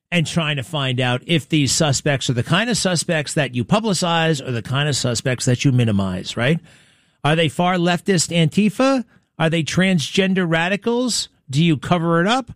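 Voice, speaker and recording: A man's voice: fairly high pitch, animated, moderate pace, no room sound. A man hosting a talk radio show, delivering a blunt, indignant, rambling monologue into a studio mic.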